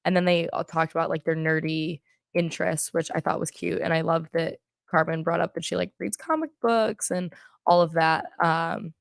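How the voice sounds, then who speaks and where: A young woman chatting casually as host of a reality show recap, talking fast with lots of fillers. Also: deep voice, fairly even intonation, creaky, dry recording, studio quality.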